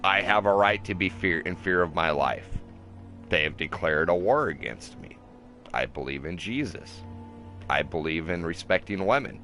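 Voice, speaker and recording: A young man with a low, deep voice delivers a heated, profane rant, preachy and pissed off. He talks from his car, with faint music playing behind him. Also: lively intonation, moderate pace, pushed and bright. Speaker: vlogger. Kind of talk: angry ranting monologue. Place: in a car at a drive-through.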